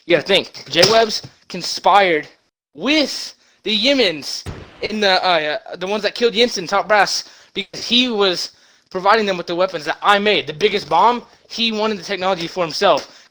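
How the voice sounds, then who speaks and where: A young man retelling a movie plot as a rambling comic story, excited and short of breath, with sudden loud bursts. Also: high voice, slight background noise, rough recording.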